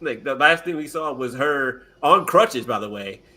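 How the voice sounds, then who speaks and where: A man's voice: medium pitch, lively intonation, moderate pace, sharp tone. A man hosting a casual podcast, talking enthusiastically as a fan and laughing easily. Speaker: podcast host. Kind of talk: casual chat.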